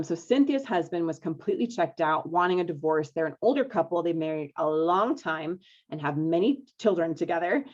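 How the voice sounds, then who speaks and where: A woman coaching couples in a live online masterclass, upbeat and coaxing, often checking in with her listeners. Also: fairly low pitch. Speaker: marriage coach hosting a live webinar. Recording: dull lo-fi webinar audio.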